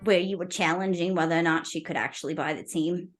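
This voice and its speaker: A woman's voice: lowish voice, steady tone, fast talker, faint music behind, voice pushed down, close to an everyday voice. A woman voicing a cheerful, confident teenage girl superhero in a tabletop role-play, giggly and teasing. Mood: mischievous.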